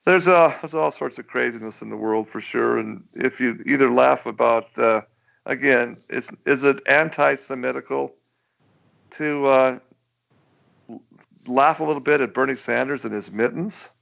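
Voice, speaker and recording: A man's voice: mid-range voice, moderate pace, gravelly, fairly bright tone. A male radio host in casual chat who stammers and restarts often and chuckles as he talks, over muffled lo-fi radio audio.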